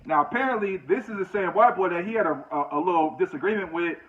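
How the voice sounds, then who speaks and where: A man's voice: high-pitched, quick pace. A man casually telling a personal story, conversational and full of restarts. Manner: conversational, many fillers and restarts. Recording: tinny phone-like audio.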